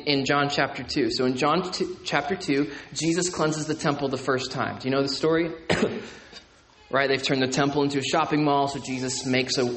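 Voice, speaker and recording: A man's voice: a little high, fairly bright tone, reverberant. A man teaching the Bible to a live audience in a conversational sermon, with jokey asides and a habit of checking in with his listeners. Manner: chatty, keeps checking in with listeners.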